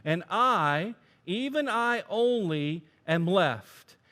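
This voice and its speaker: A preacher voicing a self-pitying male prophet who complains in a high, whining tone. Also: animated, extremely slow, pushed and bright, heavily acted. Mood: lamenting.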